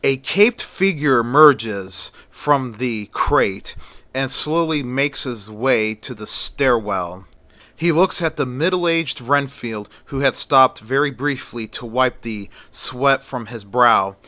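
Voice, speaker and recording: A man's voice: medium pitch, slow pace, bright, forceful tone, no room sound. A man telling a horror story in a loose, conversational way, narrating the scenes himself. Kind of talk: casual retelling of a horror story.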